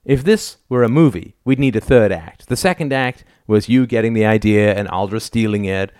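A man's voice: on the low side, normal speed, darkish tone, clean tone, no echo, clean studio sound, lightly acted. A man voicing an irreverent, wisecracking young friend in an audiobook. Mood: teasing. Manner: wisecracking, brash.

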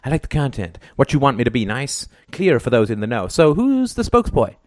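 A man doing a brash fast-talking TV producer. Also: medium pitch, very animated, no room sound, clean studio sound, voice pushed up, close to an everyday voice. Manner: brash, quick, cynical sales patter.

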